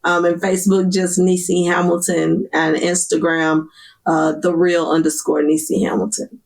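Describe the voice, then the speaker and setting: A woman guest giving an earnest, emotional personal testimony, pausing often with fillers. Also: on the low side, little pitch movement, vocal fry.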